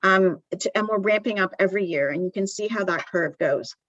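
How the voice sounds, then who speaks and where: A woman's voice: mid-range voice, a little fast, fairly bright tone, no room sound, dull audio. A woman giving a live conference presentation in a conversational way, with frequent ums and restarts. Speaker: conference speaker. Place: conference venue.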